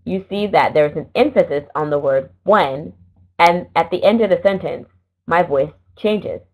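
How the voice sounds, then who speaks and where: Low-voiced woman teaching English. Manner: slow, careful explaining with small self-corrections. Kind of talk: online English lesson. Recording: dull lo-fi recording.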